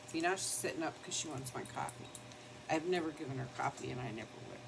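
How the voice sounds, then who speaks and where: An older woman, a beauty vlogger, rambles through a casual get-ready-with-me chat while doing her makeup at her home vanity, now and then scolding her dog. Her voice is deep and she talks fast. The audio is poor, with a little hiss or hum.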